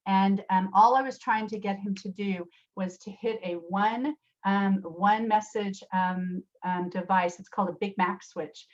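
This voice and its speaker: A woman's voice: mid-range voice, steady tone, a little slow, highs cut off. A woman presenting a virtual workshop, chatty with many fillers and restarts, addressing attendees by name and telling classroom stories. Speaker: special education teacher. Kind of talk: virtual workshop talk with storytelling. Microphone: video call.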